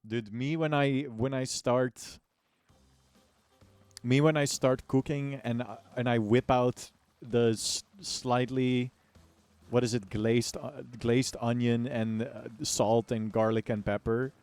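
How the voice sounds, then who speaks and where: A man's voice: mid-range voice, steady tone, slow pace, a little mellow, clear, resonant tone, no echo. A man streaming a video game, joking with chat, swearing and laughing often. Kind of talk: casual gaming stream chat.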